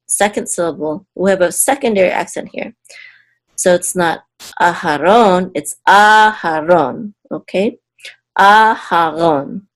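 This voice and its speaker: A woman teaching a lesson, slowly sounding out syllables and words, casual, with fillers and self-corrections. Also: low voice, a little mellow, husky. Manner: slow deliberate sounding-out of syllables. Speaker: Hebrew teacher. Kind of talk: patient step-by-step lesson.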